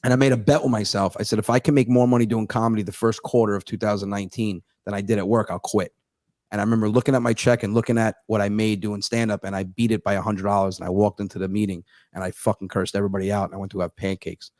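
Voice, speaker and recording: A man in his thirties, a comedian telling stories in a fast, profane, sarcastic casual chat. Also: lowish voice, level tone, a little mellow, no room sound, clean studio sound. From United States. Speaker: comedian guest.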